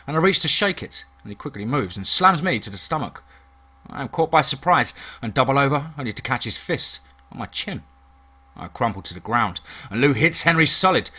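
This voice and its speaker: Bright-voiced male horror storyteller. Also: medium pitch. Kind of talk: first-person horror story narration.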